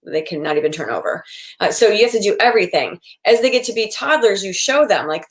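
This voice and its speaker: A woman's voice: medium pitch, animated, quick pace. A woman in her forties, a psychotherapist giving casual advice and acting out quoted lines of dialogue. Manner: chatty, acts out quoted dialogue. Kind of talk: casual expert advice talk.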